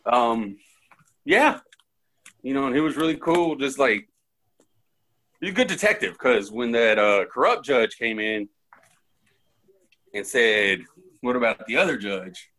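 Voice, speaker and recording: Excitable, cursing man. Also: mid-range voice, slow, long pauses. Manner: excited, profane, rambling. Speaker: podcast co-host reviewing a movie. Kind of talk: casual chat.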